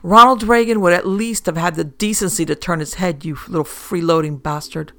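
A man's voice: high-pitched, steady tone, brisk, creaky, a bit bright. A man voicing a scornful captive woman in an audiobook story.

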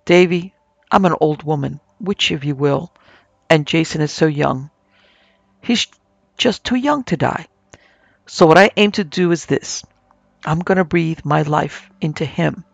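A man voicing an old rural woman said to be half witch, calm, coaxing and folksy. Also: a little high, measured pace, creaky, long pauses, dry recording, highs cut off. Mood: pleading.

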